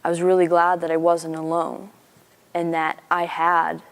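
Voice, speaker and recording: A young university student from Missouri giving an earnest, chatty personal faith testimony. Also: female voice, lowish voice, monotone, measured pace, smooth. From Missouri, USA. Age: young adult.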